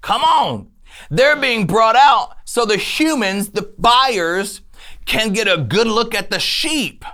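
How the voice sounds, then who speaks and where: An online faith speaker giving an energetic faith message to camera, chatty and animated, often laughing and urging listeners on. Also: medium pitch, slow pace.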